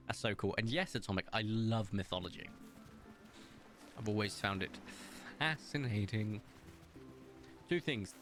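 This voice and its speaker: A British man chatting his way through a game stream, his pitch swinging up and down as he rambles and laughs. He reads viewer comments aloud in a loose, friendly way. Quiet game music plays underneath. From Britain. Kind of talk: casual live-stream chat while gaming.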